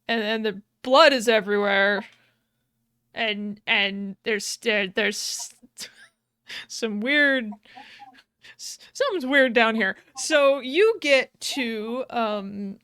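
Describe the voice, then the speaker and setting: A woman's voice: fairly high pitch, slow pace, a bit bright, smooth, dry recording, studio quality. A young woman co-hosting a podcast, retelling a game's story in a rambling, giggly way full of fillers and restarts. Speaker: podcast co-host. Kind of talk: casual chat, retelling a game's plot. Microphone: podcast microphone.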